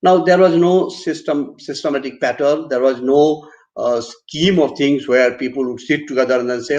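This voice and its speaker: A man's voice: medium pitch, moderate pace. A man with an Indian English accent giving an online university lecture, often restarting his phrases and acting out examples. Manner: repetitive restarts, animated acted examples. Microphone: computer mic on a video call. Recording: dull lo-fi online class audio.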